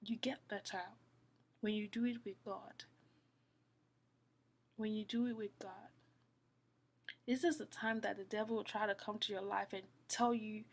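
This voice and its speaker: Earnest woman, soft pleading devotional talk. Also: mid-range voice, flat delivery, unhurried, creaky, long pauses. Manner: earnest, repeats phrases, drops to soft whispers. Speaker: Christian speaker. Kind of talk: heartfelt spoken devotional talk.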